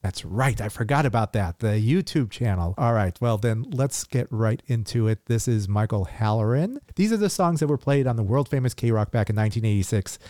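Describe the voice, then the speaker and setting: A man's voice: lowish voice, expressive, a little fast, few pauses, warm tone, no echo, clean studio sound. A man co-hosting a music podcast, playful and chatty. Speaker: podcast co-host. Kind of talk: casual podcast chat.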